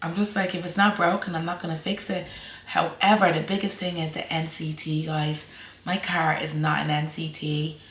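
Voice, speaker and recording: A woman's voice: sits low, a bit bright, echoey room. An Irish woman vlogging casually to camera, chatty and rambling, laughing often. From Ireland.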